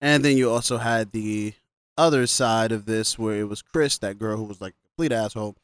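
A man's voice: fairly low pitch, brisk, smooth, dry recording. A man casually recapping a film on a podcast, laughing often and quoting the characters as he goes. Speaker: podcast co-host. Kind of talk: casual movie recap chat.

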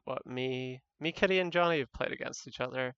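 A man's voice: medium pitch, fairly quick, creaky, smooth, dry recording, highs cut off. A man co-hosting a gaming podcast, enthusiastic and sweary in casual chat.

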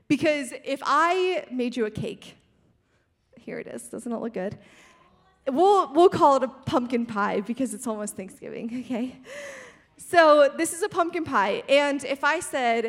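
A young woman giving a casual sermon, chatty and animated, with frequent asides to the audience and lots of "like". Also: a little high.

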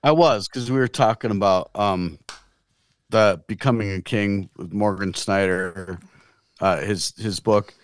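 A man in his fifties co-hosting a podcast, talking in a slow, measured way with many ums as he shares from scripture. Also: fairly low pitch, dry recording, clean studio sound. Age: 50s. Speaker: podcast co-host. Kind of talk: casual chat, teaching from scripture.

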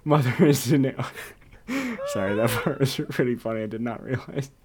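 A man's voice: mid-range voice, very animated, moderate pace, background noise. A man co-hosting a casual podcast, reading fan fiction aloud with laughing, overblown drama and joking asides. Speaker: podcast co-host.

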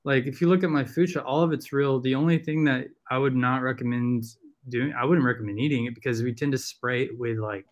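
A man's voice: mid-range voice, fairly even intonation, fairly quick. A man with a Southern American accent, a podcast guest talking casually and rambling with lots of fillers. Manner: rambling, full of fillers and restarts.

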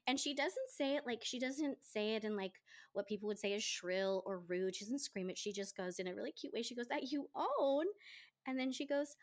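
A woman hosting a podcast, telling a story in casual chat, animated and chatty. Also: medium pitch, brisk, hardly any pauses. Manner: animated, chatty, quotes people in lively voices. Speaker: podcast host.

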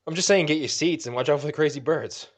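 A man's voice: on the high side, fast, husky. A man with a Boston accent co-hosting a podcast, chatting in a rambling, jokey way and correcting himself as he goes. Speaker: podcast co-host. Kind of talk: casual chat.

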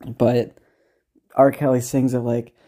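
A man talks through a story in a loose, off-the-cuff podcast recap. He rambles, restarts his sentences, and drops in swear words and amused asides. His voice sits at an ordinary pitch with a dark, mellow tone. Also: level tone, takes it slowly. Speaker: podcast host. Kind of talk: casual spoken recap.

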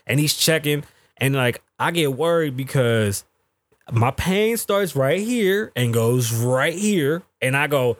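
A man in his thirties hosting a podcast, telling a story in a profane, animated way and acting out the people he quotes. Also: fairly high pitch, normal speed, no room sound. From United States. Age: 30s. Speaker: podcast host. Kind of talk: casual storytelling monologue. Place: podcast studio.

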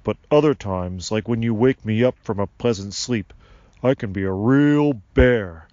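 A man voicing a booming, gruff tree spirit. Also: measured pace, darkish tone, no room sound, lo-fi sound, lightly acted.

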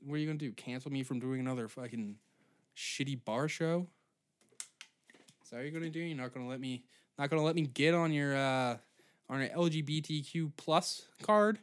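A young man in his twenties rants alone into the mic, sarcastic and profane. His pitch sits mid-range for a man, swinging from loud outbursts to low mutters. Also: normal speed, smooth. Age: 20s. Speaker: podcast host. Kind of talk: solo comedic rant.

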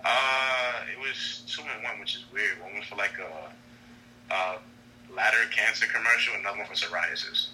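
A man's voice: on the low side, moderate pace, pushed and bright, low-quality recording. A man who works as an actor, answering interview questions on a podcast in an easygoing, rambling way. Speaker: actor guest.

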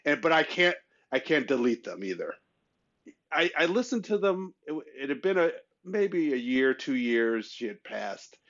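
A man's voice: very animated, normal speed, fairly bright tone, muffled recording. A man co-hosting a casual chat show, telling personal stories earnestly and acting out quoted voices. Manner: earnest storyteller, acts out quoted voices with rising pitch. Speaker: podcast co-host.

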